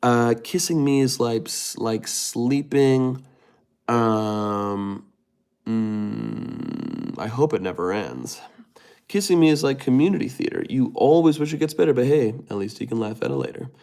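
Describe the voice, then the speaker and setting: A young man hosting a casual livestream, reading viewer comments aloud and answering them with quick, joking asides. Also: medium pitch, very animated, gravelly, a little mellow, clear, resonant tone. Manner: playful, jokey, talks fast with quick asides. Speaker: livestream host.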